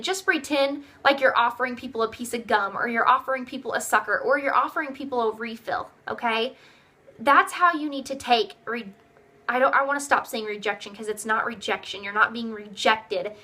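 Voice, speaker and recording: A woman's voice: a little high, moderate pace, bright, forceful tone. A young woman giving upbeat sales training to her team, coaching in a repetitive way and acting out customers' replies. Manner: acts out customers' replies in a raised voice. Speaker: direct sales team leader.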